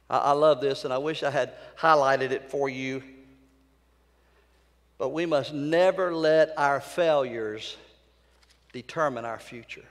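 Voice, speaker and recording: A man preaching a sermon as pastor, building to loud, fervent outbursts and then dropping to near-whispers. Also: mid-range voice, slow pace, pauses often. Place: large church sanctuary. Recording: long hall reverb.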